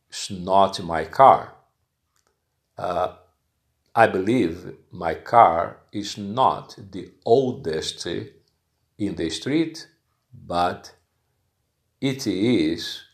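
A man, not an English speaker, slowly explaining a grammar rule, halting and careful with many fillers. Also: sits low, gravelly. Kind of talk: slow spoken grammar lesson.

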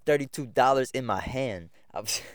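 A man's voice: mid-range voice, normal speed, smooth, no room sound, clean studio sound. A young man hosting a podcast, telling rambling, reflective stories from his own life in casual talk. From United States. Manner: rambling and reflective, many fillers and restarts. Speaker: podcast host. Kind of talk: casual personal storytelling.

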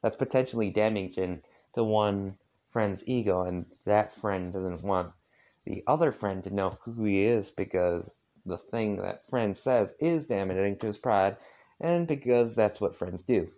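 A man's voice: lowish voice, unhurried, dark tone, muffled recording. A man voicing an aloof, sarcastic young man in a heavy put-on southern drawl. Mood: defensive.

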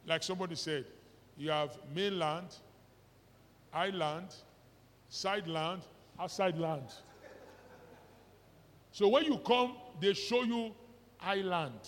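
Nigerian pastor preaching in a reverberant hall. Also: male voice, high voice, takes it slowly, pauses often. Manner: animated preaching mixing pidgin and English, rhetorical questions to congregation. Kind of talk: sermon. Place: church hall. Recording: reverberant church hall recording.

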